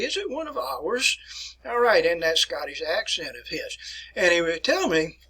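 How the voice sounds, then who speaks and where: A man's voice: a little high, fairly bright tone, slightly rough, rough recording. A man giving a folksy history lesson as a teacher, often addressing his listeners as folks, with chatty asides. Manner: chatty asides with many uhs. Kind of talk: classroom history lecture.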